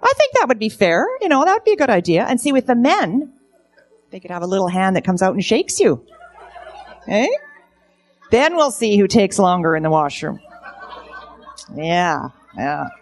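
A woman's voice: medium pitch, very animated, normal speed, pauses often. A middle-aged woman telling stand-up comedy stories on stage, in a dry storytelling way. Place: event stage.

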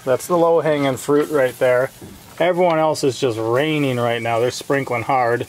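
A man's voice: mid-range voice, steady tone, normal speed. A man hosting a homestead vlog outdoors by his smokehouse, chatting casually and playfully with his family and his guest. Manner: chatty, playful, talks to his kids and animals. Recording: noisy outdoor farm ambience.

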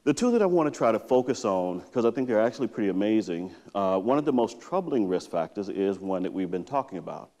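A man's voice: lowish voice, fast talker, few pauses. A middle-aged man, a psychotherapist, giving a conference talk and telling a story by acting out how he reads to his daughter. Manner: storytelling, lively, acts out reading to his daughter. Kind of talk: conference presentation. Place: large lecture hall with reverb. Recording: long hall reverb.

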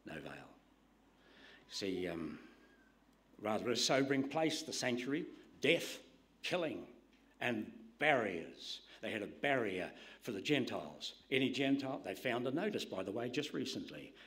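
A man preaching a sermon in an emphatic style, dropping to hushed whispers to stress a point. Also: medium pitch, sing-song, unhurried.

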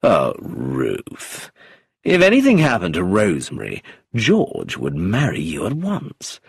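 Man doing a charming cold rogue, drawling, chuckling, low husky voice, wildly swinging pitch, storybook reading. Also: huge pitch swings, slow, no echo, heavily acted. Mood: amused.

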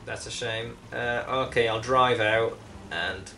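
A man's voice: mid-range voice, fairly even intonation, measured pace, bright, forceful tone, far from the mic, slight background noise. A man giving casual gameplay commentary, rambling and poking fun at himself as he plays. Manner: rambling, self-mocking, jokey asides. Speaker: let's play commentator.

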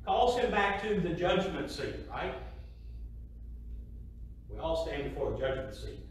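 A middle-aged man delivers a sermon in a high-pitched voice, driving his points home by repeating phrases and tossing rhetorical questions to the pews. He sounds distant from the microphone, his words ringing through a very echoey hall over a faint hiss. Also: big pitch swings, a little slow. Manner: emphatic, repeats key phrases, asks rhetorical "right?". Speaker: preacher. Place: church sanctuary. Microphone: distant mic.

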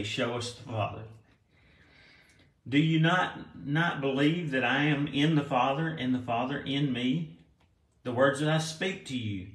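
A male pastor giving a conversational sermon, reading scripture aloud and explaining it with restarts and soft chuckles. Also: on the high side. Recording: roomy echo.

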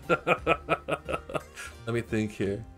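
A man streaming a video game, talking casually and getting excited about each new find. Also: medium pitch, very slow, soft background music. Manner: excitable, gasping and laughing at new discoveries. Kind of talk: casual gameplay commentary.

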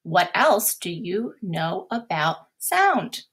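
A woman's voice: on the low side, very animated, slow, a bit bright, breathy edge. A woman teacher reading a simple science lesson aloud, patiently repeating key words and sometimes dropping to a whisper for examples. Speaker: special education teacher. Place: classroom or home, recorded for remote lesson.

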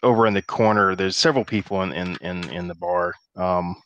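A man narrating as game master for a tabletop role-playing session, talking in halting bursts with many restarts. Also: low-pitched, steady tone, fairly bright tone, dry recording, lo-fi sound. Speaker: dungeon master.

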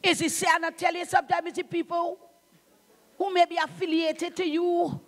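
A woman's voice: extremely high pitch, level tone, normal speed. Fervent Trinidadian woman pastor preaching. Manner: fervent, emphatic preaching with call-outs and bursts of shouting. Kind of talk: sermon.

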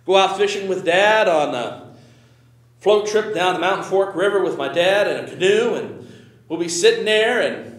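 Animated male pastor preaching in an echoey room. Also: sits high, normal speed. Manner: animated, conversational preaching with wide swings from loud to quiet. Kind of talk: sermon.

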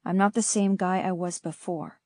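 A woman reading an audiobook, voicing a wounded young male ex-pilot who speaks haltingly, his voice described as deep and cracked. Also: steady tone, a little mellow, no room sound, lightly acted. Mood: pained. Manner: halting, pained. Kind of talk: audiobook character voice.

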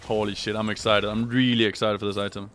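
A young man commentating his own gameplay on a live stream, swearing, trash-talking and yelling when excited. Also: on the low side, fast, a little hiss or hum. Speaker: gaming streamer.

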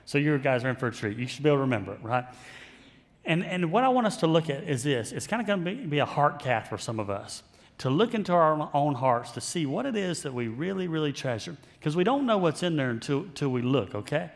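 Guy pastor preaching, kinda high voice, jokey and casual, long echo in the church. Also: very animated, fast. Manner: conversational, self-deprecating humor. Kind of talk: sermon.

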